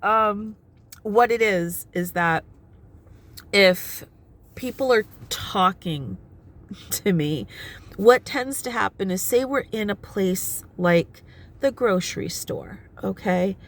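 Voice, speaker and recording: Sitting in her parked car with a phone propped on the steering wheel, a middle-aged woman records a casual talking-head vlog. Her voice is medium in pitch and slow, and she chats at length, laughing often as she explains things.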